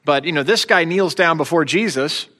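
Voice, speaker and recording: A man's voice: on the high side, normal speed, bright, forceful tone, long reverb tail. A man preaching a sermon as pastor, in a conversational way with wry, joking asides.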